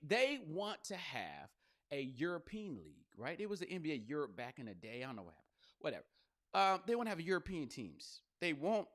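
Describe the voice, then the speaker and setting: A male podcast host and comedian delivering a loose, profane, riffing monologue, jumping into quick voices and asides. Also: fairly high pitch, fairly bright tone.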